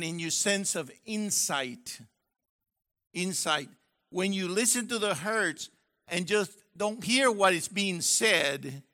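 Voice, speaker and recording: A man preaching a sermon in an animated, joking way, acting out little voices as he goes. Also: on the high side. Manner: animated, jokey, acts out voices. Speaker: university professor.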